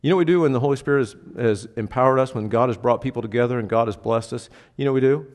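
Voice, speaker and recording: A pastor races through a casual sermon in a medium-pitched, darkish voice, the sound echoing in a reverberant hall. He keeps checking in with the congregation through questions and hits key words with emphatic bursts.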